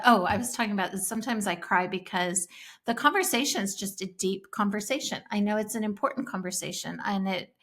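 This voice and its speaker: A woman's voice: mid-range voice, fairly bright tone. A middle-aged woman co-hosting a faith-based parenting podcast, talking in an earnest, emotional, casual way. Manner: earnest, emotional, speaks of crying easily. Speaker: podcast co-host.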